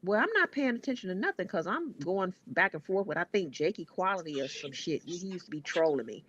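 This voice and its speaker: A woman co-hosting an online stream, telling a long story in a blunt, animated way, swearing freely and repeating her words as she goes. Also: fairly low pitch, a little fast, breathy edge, dull audio. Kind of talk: casual chat.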